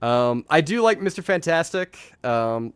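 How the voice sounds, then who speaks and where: A man's voice: a little high, big pitch swings, a little slow, smooth, no room sound, studio quality. A man hosting a live movie review stream, chatting casually, rambling and swearing as he acts out lines from scenes. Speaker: host. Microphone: remote streaming mic.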